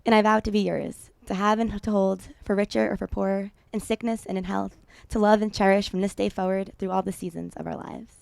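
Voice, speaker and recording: A woman's voice: mid-range voice, level tone, a little fast, vocal fry, few pauses, a little mellow, clear, resonant tone. A young American woman reading her wedding vows, tender and close to tears. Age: young adult. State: teary. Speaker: bride.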